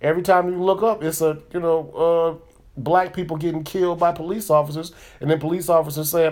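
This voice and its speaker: A man's voice: a little high, a little fast, darkish tone. A man hosting a comedy podcast, speaking in a rambling, profane, heated monologue full of fillers and restarts. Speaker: podcast host. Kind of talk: casual monologue.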